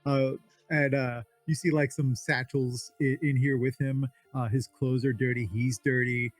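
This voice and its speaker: A man running a tabletop game as game master, narrating in a halting way with many fillers. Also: medium pitch, level tone, faint music behind.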